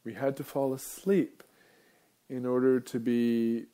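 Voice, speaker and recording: A man's voice: mid-range voice, steady tone, slow pace, warm tone. A male radio host talking in a casual, rambling monologue, wandering off topic and chuckling often.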